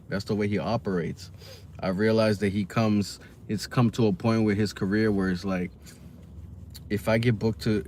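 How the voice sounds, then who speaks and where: A man's voice: lowish voice, a little mellow, a little hiss or hum. A man talking casually to the camera in a reaction video, slangy and rambling, with lots of fillers. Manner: laid-back, slangy, rambling with many fillers. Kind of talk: casual commentary monologue.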